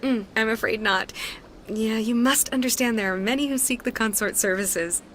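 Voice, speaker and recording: A woman's voice: on the high side, normal speed, a bit bright, slight background noise, close to an everyday voice. An actress playing a polite, formal female alien receptionist in a video game, heard as game audio with music behind. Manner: courteous, formal.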